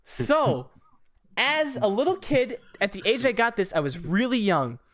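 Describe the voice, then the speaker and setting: A young man hosting a casual podcast, telling a childhood story with animated, profane energy and laughter. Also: sits high, measured pace. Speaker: podcast host.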